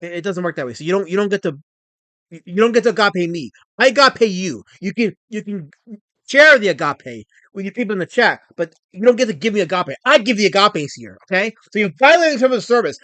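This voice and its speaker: High-voiced man hosting a livestream. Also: pushed and bright, no echo. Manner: mock-pompous, addresses chat, frequent stammered repeats. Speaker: livestream host. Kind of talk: casual livestream chat.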